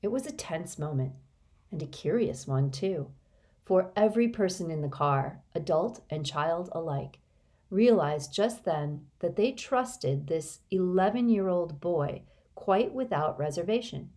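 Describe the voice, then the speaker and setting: Low-voiced woman narrating a storybook. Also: a little slow. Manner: expressive storytelling. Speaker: audiobook narrator. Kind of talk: scripted narration.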